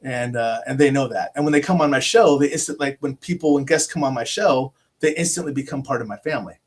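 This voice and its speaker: A man chatting casually as a guest over a video call, telling rambling, animated stories with many restarts. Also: mid-range voice, fast talker. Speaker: podcast host appearing as guest. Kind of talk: casual chat.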